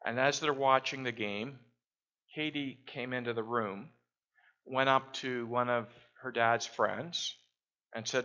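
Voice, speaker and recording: A man telling small everyday stories in a casual, unhurried way, pausing often with "uh". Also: mid-range voice, steady tone, bright, forceful tone, muffled recording. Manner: unhurried, with frequent "uh" pauses. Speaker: storyteller. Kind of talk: casual storytelling.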